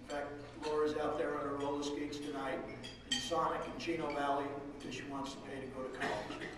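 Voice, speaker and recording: A middle-aged man, a state legislative leader, gives a folksy, rousing political rally speech, heard from some distance in a large, echoey hall far from the mic. His voice is a little high with little pitch movement, his pace is brisk, and the recording is very noisy.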